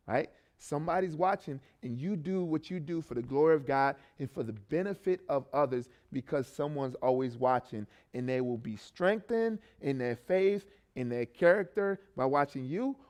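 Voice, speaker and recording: A man's voice: medium pitch, a little mellow. A man who coaches a youth ministry, giving a sermon testimony in a conversational way, full of restarts and tag questions. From not from Baltimore. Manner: conversational, many fillers and restarts, frequent "right?".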